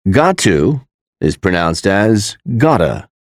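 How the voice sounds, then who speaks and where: A man announcing textbook audio tracks and pronunciation notes in a slow, deliberate, instructional manner. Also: on the low side, sing-song, no echo, studio quality.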